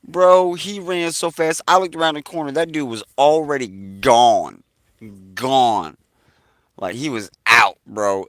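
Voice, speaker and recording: Man ranting, profane and bright-voiced. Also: mid-range voice, slow, no echo, studio quality. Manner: agitated, swears constantly, repeats himself. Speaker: vlogger. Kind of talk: casual profane rant to camera.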